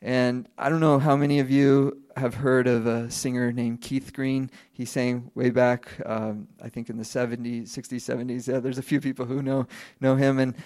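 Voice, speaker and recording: A man's voice: medium pitch, little pitch movement, moderate pace, darkish tone. A man in his thirties preaching a sermon in a conversational way, asking the listeners questions and laughing lightly now and then. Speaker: pastor.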